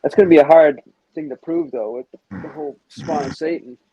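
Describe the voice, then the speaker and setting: A man hosting a late-night online panel, teasing guests in casual chat and trailing off into low mumbles. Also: fairly quick, warm tone, breathy edge, dry recording. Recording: slightly dull sound with faint noise.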